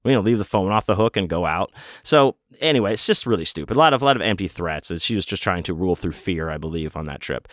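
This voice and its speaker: A man's voice: sits low, animated, quick pace, hardly any pauses, fairly bright tone, dry recording, clean studio sound. A man telling a casual, rambling story full of swearing, fillers and restarts.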